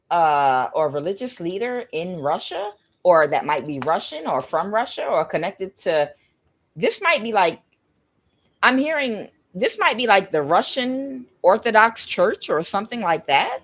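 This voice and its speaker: A woman's voice: medium pitch, very animated, unhurried, husky. A woman giving a casual spiritual tarot reading, rambling and speculative, talking straight to her viewers. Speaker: tarot reader.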